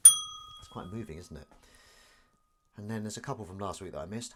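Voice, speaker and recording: A man's voice: on the low side, sing-song, a little fast, pauses often. A man hosting a live stream in a casual, jokey, self-mocking way, reading viewer comments aloud.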